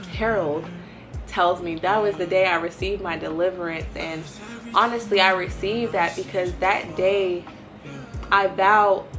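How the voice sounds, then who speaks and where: A woman in her early twenties giving an animated personal testimony and talking straight to her viewers. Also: mid-range voice. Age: early 20s. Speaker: vlogger sharing a faith testimony.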